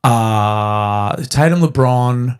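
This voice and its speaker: A man's voice: mid-range voice, very slow, clean tone. An Australian man hosting a podcast in loose, rambling chat, swearing often. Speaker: podcast host. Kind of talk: casual chat.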